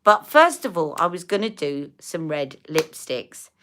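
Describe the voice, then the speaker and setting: Brief: woman, fifties, beauty livestream host; low-set but bright, chatty and rambling. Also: sing-song, a little slow, slight background noise. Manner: chatty, rambling, answers viewers' comments. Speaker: beauty live-stream host. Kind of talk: casual chat while doing makeup.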